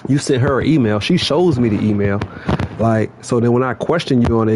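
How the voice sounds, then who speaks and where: A man rants in a casual, rambling way about a clash at work. His voice sits at an everyday middle pitch and he keeps circling back with filler phrases. Steady vehicle noise runs clearly behind him. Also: brisk. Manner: animated, rambling, repeats "you know what I mean". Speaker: vlogger. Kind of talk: casual venting story.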